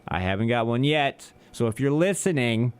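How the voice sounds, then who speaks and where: A man's voice: mid-range voice, normal speed, clear, resonant tone. A man co-hosting a community radio show in casual chat, telling stories and acting out what other people said in put-on voices. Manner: animated storyteller, acts out other people's lines in put-on voices.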